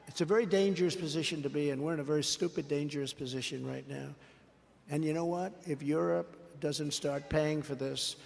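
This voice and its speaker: An older man's gravelly, slightly mellow voice sits fairly high as he boasts and repeats himself at a political rally, playing out exchanges with other people. The big venue leaves a long hall reverb on the recording.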